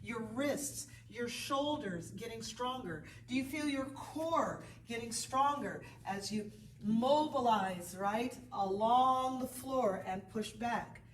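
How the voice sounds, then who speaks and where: A woman leading a yoga class, counting poses and breaths and encouraging her students. Her voice sits a little high and comes from some distance off the mic. The echoey studio around her rings. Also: takes it slowly. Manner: counts out breaths and moves, then encouraging asides. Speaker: yoga instructor. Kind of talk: guided yoga class instruction.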